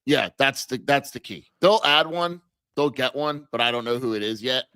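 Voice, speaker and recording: A man co-hosting a casual sports podcast, speaking in a measured, analytical way and thinking out loud. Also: medium pitch, clean tone, no echo. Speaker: podcast co-host. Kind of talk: casual sports talk livestream.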